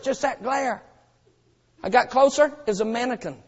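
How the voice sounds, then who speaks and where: High-voiced preacher in an echoing hall. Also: male voice, moderate pace. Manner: storytelling preacher, swinging from quiet asides to shouting. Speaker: pastor. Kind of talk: sermon. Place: church auditorium. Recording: dull sound with long hall reverb.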